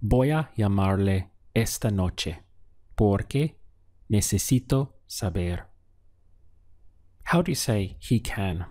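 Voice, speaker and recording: Slow, patient man teaching Spanish. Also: fairly low pitch, animated, darkish tone. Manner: slow, patient prompting with pauses for answers. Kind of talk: scripted language lesson.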